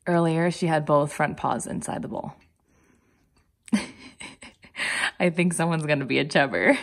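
A woman's voice: unhurried, vocal fry, dry recording. A young woman vlogging casually, gushing to her viewers and her new puppy, sometimes in a cooing puppy voice. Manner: switches to a high puppy voice. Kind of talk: casual vlog chat.

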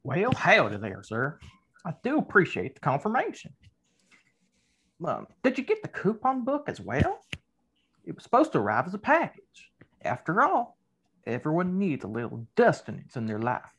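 A man playing a folksy, eager-to-please small-town guy who talks in a slow drawl and keeps calling people sir. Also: on the high side, wildly swooping pitch, creaky, fairly bright tone, slightly rough, exaggerated voice. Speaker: character in a comedy web series. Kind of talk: scripted comedy sketch on a conference call.

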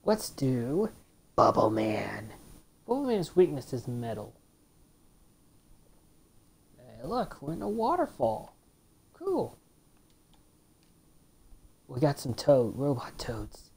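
A woman with a deep, mellow voice talks through a video game in casual commentary. Her delivery is unhurried but swings widely in pitch, jumping up on exclamations and sinking into half-whispered mutters. She complains playfully to herself as she plays. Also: huge pitch swings, creaky, slightly rough. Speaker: let's play gamer.

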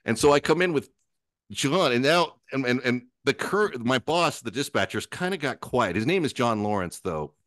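A man's voice: medium pitch, normal speed, no room sound, studio quality. A man as a podcast guest, telling an anecdote in a rambling, profane way and acting out the other people in it. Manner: animated storyteller who acts out other people's lines; profane, rambling, self-interrupting.

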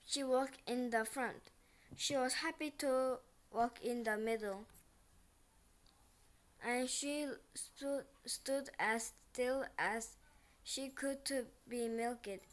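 A woman reading a children's picture book aloud, slow and halting, often restarting words. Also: on the high side. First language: Korean.

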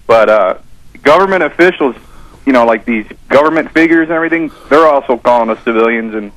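A man calling in to a talk radio show, speaking haltingly with many fillers and restarts. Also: medium pitch, lively intonation, fairly bright tone, no room sound, rough recording. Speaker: caller. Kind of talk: casual phone-in chat.

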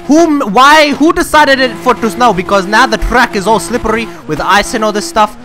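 A young man giving jokey, boastful gameplay commentary, swinging from mumbled asides to yelling. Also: extremely high pitch, normal speed. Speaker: gaming channel host. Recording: game music loud behind the voice. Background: loud game music and car engine sounds.

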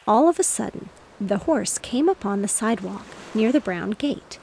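A woman narrating a bedtime story in a gentle, steady reading voice. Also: mid-range voice, normal speed, gravelly, husky. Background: faint waves.

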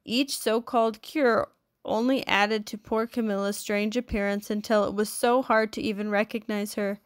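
A woman narrating a children's storybook aloud with expressive, measured delivery. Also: mid-range voice. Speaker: storybook reader.

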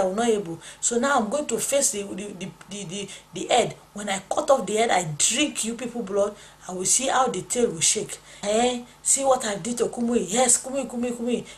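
A woman's voice: medium pitch, lightly acted. A woman voicing a spiteful boastful male Satan. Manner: threatening, taunting, repetitive.

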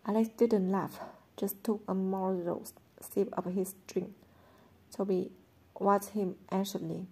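A woman narrating a novel aloud in a steady, plain reading voice. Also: mid-range voice, slow, slightly rough. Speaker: audiobook reader. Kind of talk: storybook narration.

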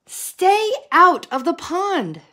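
A woman voicing a quarrelsome, greedy little male frog in a storybook, yelling defiantly. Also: extremely high pitch, sing-song, extremely slow, voice pushed up, heavily acted.

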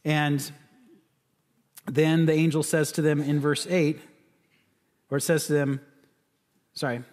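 A man's voice: a little high, level tone, slow, darkish tone. A man from California preaching a sermon as pastor, in a conversational way with frequent restarts and repeated words. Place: church sanctuary. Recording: church sanctuary with long reverb.

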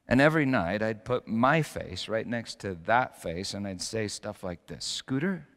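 A middle-aged male pastor preaching a sermon, telling stories with sudden loud bursts and quiet drops. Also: lowish voice, moderate pace, in a large hall.

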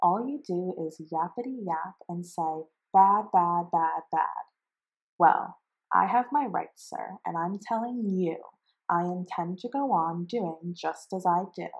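A woman's voice: lowish voice, unhurried, dark tone, slightly rough, muffled recording. A woman reading aloud the lines of a greedy, stubborn factory owner who rants back in defiance. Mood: defiant. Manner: defiant, ranting.

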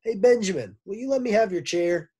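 A man's voice: high-pitched, expressive, a little fast, warm tone, slightly rough, pitched above the performer's own voice. A man voicing an eager young schoolgirl in a storybook reading.

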